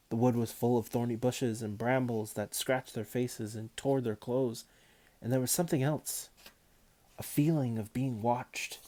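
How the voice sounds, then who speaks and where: A man narrating a children's storybook aloud, calm and measured. His voice is dark and mellow, at an ordinary middle pitch. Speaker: audiobook reader.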